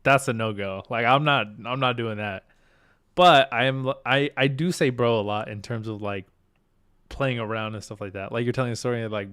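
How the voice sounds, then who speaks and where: A man's voice: mid-range voice, moderate pace, fairly bright tone, clean tone. Laid-back man chatting and laughing. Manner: laughs often, swears casually, trails off mid-sentence. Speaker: podcast co-host. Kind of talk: casual chat.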